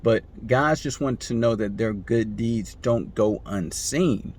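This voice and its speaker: A man giving relationship advice in a casual monologue, often asking "right?" and acting out the people he quotes with sudden jumps in pitch. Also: takes it slowly, darkish tone.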